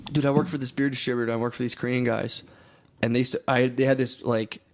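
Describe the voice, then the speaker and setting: A man's voice: medium pitch, level tone, fast. A man co-hosting a comedy podcast, telling rambling stories with lots of swearing and laughter. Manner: rambling storytelling, heavy swearing, laughs often. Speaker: podcast co-host. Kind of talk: casual comedic chat.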